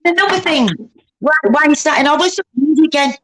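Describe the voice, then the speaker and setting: A woman's voice: sits high, fairly quick, a little hiss or hum. An older woman, angrily swearing and hurling insults in a livestream argument.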